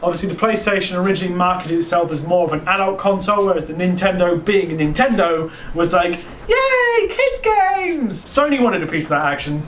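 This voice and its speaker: A man's voice: high-pitched, fairly even intonation, fast, hardly any pauses, a bit bright, roomy sound, a little hiss or hum. A man hosting a game channel, telling a game's backstory in a chatty, jokey voice-over. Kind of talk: retrospective voice-over narration.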